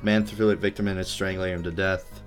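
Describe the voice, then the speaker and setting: A man playing a video game on stream, his voice sitting fairly low. He chats casually and mutters to himself while he tinkers with his settings. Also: flat delivery, a little fast, soft background music. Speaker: let's play streamer. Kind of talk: casual gaming chat.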